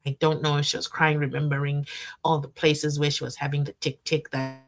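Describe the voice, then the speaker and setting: Woman, live-stream host, animated and chatty. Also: deep voice, brisk. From South Africa. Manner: animated, chatty, breaks into sing-song. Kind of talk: casual live-stream chat reading comments.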